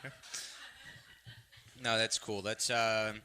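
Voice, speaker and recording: Bright, rambling male stand-up comic. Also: on the low side, little pitch movement, slow pace, smooth. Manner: rambling, self-deprecating, hesitant with fillers. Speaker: stand-up comedian. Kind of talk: stand-up comedy set. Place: live comedy show venue. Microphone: stage microphone.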